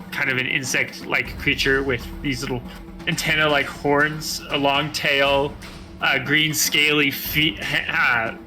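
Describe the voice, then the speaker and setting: A man's voice: medium pitch, bright, forceful tone. A man narrating as game master, casually improvising descriptions with many fillers.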